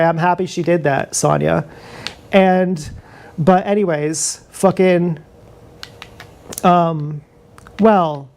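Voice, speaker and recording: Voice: mid-range voice, darkish tone. A live streamer talking in a rambling, profane, confessional monologue, recorded on an action camera mic.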